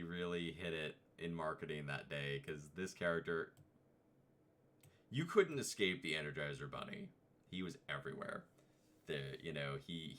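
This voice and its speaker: Man, deep voice, bright edge, casual rambling commentary, playful asides. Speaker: vtuber host. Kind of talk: casual tier-list commentary.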